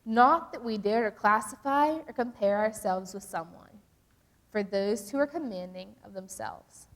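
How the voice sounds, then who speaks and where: A young woman gives a casual, animated devotional talk to a youth group. She often acts out the voices she quotes. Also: mid-range voice, a little slow. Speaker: youth speaker. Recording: long reverb from a large hall.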